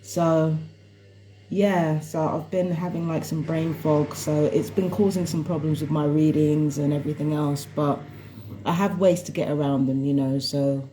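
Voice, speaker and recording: A woman with a low, mellow voice talks to her viewers on a home live stream. Her delivery rambles, full of fillers and restarts, and turns to exasperated ranting. It sounds loose and unscripted. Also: slight background noise. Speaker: tarot reader and vlogger. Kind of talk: casual live-stream monologue. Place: at home indoors.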